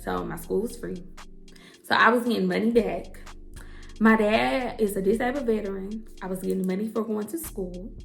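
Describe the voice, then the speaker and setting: Speaking at normal speed in a gravelly, medium-pitched voice with faint music behind, a young hairstylist and entrepreneur shares her story on camera. She is blunt and emphatic, cursing freely and calling her audience "girl" and "y'all."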